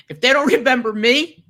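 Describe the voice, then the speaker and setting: An older woman hosting a podcast, telling chatty, animated stories and laughing often. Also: on the high side. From New Jersey. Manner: animated, chatty storyteller who laughs a lot. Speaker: podcast host. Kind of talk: casual chat.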